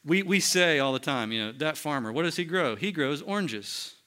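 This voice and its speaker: A man's voice: a little high, lively intonation, normal speed, bright, forceful tone. A man preaching a sermon, teaching earnestly and asking his listeners rhetorical questions. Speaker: pastor.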